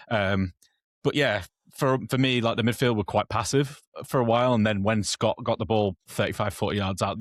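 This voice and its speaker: A man's voice: low voice, no room sound, studio quality. A man co-hosting a football podcast, talking through match tactics at length in a rambling, self-correcting way. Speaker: podcast co-host. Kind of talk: casual football analysis.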